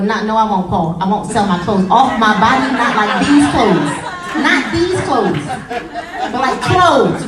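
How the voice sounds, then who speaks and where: A woman giving a humorous, animated motivational talk to a live audience, telling stories with acted quotes. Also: sits high. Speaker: motivational speaker. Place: meeting room with an audience. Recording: echoey room, voice from a distance, faint crowd.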